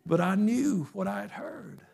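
A man's voice: sits high, lively intonation, measured pace, gravelly. Fervent preacher man, rising and falling. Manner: fervent, storytelling, swings from loud to hushed. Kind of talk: sermon.

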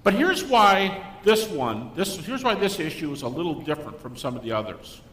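An older man, a guest speaker, giving a Christian apologetics talk to a live audience and acting out the people in his stories. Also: normal speed. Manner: animated storyteller who acts out quoted people. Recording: echoey hall with faint rumble.

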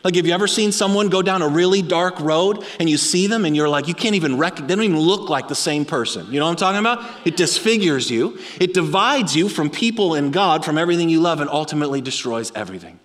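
A man's voice: expressive, fast talker, hardly any pauses. Male preacher, dramatic sermon delivery, long hall reverb. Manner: dramatic storytelling, drops low and quiet for emphasis.

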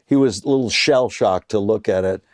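A man in his sixties telling a story in casual chat, animated, acting out the voices he quotes. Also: on the low side, moderate pace, dry recording, studio quality. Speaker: guest actor.

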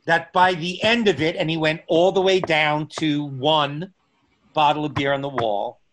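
Slow, unhurried middle-aged storyteller man. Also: sits high, fairly bright tone. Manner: unhurried, pausing often, restarting phrases. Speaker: guest recounting stand-up comedy memories. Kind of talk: conversational storytelling.

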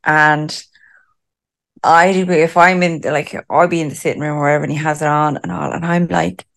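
A woman's voice: low-pitched, steady tone, moderate pace, creaky, a bit bright. A middle-aged woman co-hosting a podcast in casual chat, swearing freely and laughing often. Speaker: podcast co-host.

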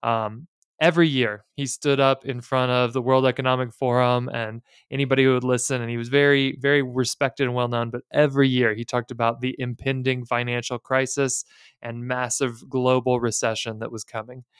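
Man in his thirties, podcast host, very smooth resonant voice, dry close sound, candid chatty delivery. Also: mid-range voice, level tone, moderate pace, no room sound. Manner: candid, chatty, plainspoken with casual asides. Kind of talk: casual finance podcast talk.

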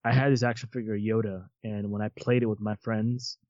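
A man in his forties chatting casually and telling lively stories, often laughing at them. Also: on the low side, brisk, no echo. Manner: animated storyteller, laughs at his own stories. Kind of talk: casual chat. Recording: slightly muffled lo-fi sound.

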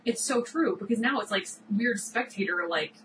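A woman's voice: mid-range voice, lively intonation, normal speed, recorded from a distance, background noise. A woman co-hosting a podcast, talking over a TV episode in a rambling, reflective way with many fillers. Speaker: podcast co-host. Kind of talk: casual chat recapping a TV episode.

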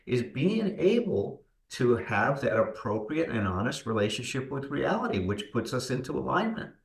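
A man speaks in a middle-pitched voice, laying out his thoughts in a reflective podcast discussion and asking "right?" along the way. His voice carries a noticeable roomy echo. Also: very animated, normal speed, creaky. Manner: thoughtful, explaining ideas with frequent "right?". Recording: roomy echoing room.

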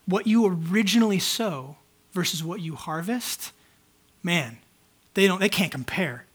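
Man, pastor, high-pitched, casual sermon, candid, chatty with fillers. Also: expressive, measured pace, fairly bright tone, breathy edge. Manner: conversational, candid, many fillers.

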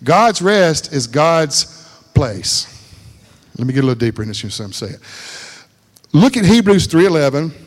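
A man's voice: on the high side, very animated, moderate pace, pauses often. A man preaching an informal sermon in a folksy, conversational way, repeating phrases for emphasis. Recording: long hall reverb.

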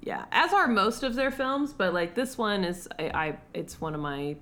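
A woman co-hosting a podcast chats casually and animatedly while reviewing a film, cursing now and then. Her mid-range voice is sing-song and a bit bright, at a normal speed.

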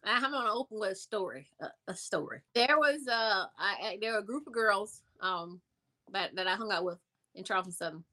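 A young adult woman telling a personal story in a conversation, animated and emphatic, repeating words for effect. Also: medium pitch, brisk. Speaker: guest.

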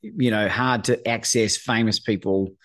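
Speaking at a measured pace in a lowish voice, this middle-aged Australian guest on a podcast is a courage coach recounting a story with animation. He frequently tosses in "right?" and performs the voices of those he quotes.

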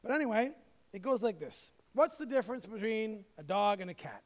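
A man pastor preaching a sermon, telling a story with light humor in an expressive way. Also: high-pitched, fairly quick. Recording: hall reverb.

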